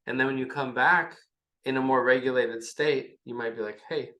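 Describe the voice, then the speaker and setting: An echoey room carries this man's medium-pitched, steady voice, which moves at normal speed with a sharp tone. He's a rambling podcast guest in casual conversation, acting out short dialogues between himself and his partner.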